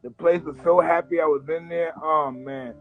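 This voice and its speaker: A man in his fifties from the United States, a guest in an interview, telling blunt, animated stories and acting out other people's voices. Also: a little high, moderate pace, phone-quality sound, soft background music. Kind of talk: candid interview storytelling.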